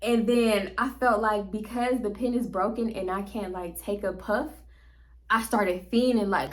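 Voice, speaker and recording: A woman telling a story to her viewers in a casual, slangy way, animated and laughing often. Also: mid-range voice, a little slow.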